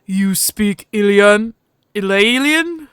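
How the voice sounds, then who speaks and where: A woman voicing a taciturn male husky dog-man healer who answers in curt single words. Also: mid-range voice, animated, slow pace, a bit bright, no room sound, clean studio sound. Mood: gruff.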